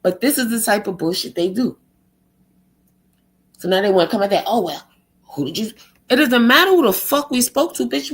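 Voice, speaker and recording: A woman's voice: fairly high pitch, low-quality recording. A woman ranting in a profane monologue, exasperated and sarcastic, firing off rhetorical questions. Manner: exasperated, sarcastic, heavy swearing; fires rhetorical questions, mocks others in a put-on tone. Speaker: vlogger.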